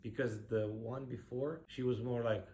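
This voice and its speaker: A man's voice: medium pitch, fairly even intonation, normal speed, mellow, slight background noise. A middle-aged man, a professional ballroom dancer, giving blunt, sarcastic casual commentary while reacting to a dance show.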